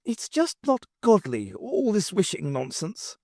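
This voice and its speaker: A woman's voice: extremely low pitch, huge pitch swings, normal speed, creaky, darkish tone, breathy edge, no room sound, studio quality, full character voice. A woman voicing a gloomy male chaplain who whines and complains. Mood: moaning. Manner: whiny and complaining.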